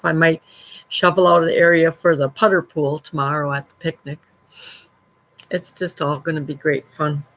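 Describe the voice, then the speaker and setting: A woman's voice: mid-range voice, fairly bright tone, poor audio. A woman hosting a live stream at home, reading a book aloud and adding wry commentary, laughing often between passages.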